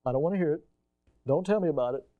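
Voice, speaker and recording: A man voicing a caring mother who softly comforts a child woken by a bad dream. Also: on the high side, rapid-fire, phone-quality sound, natural voice. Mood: soothing.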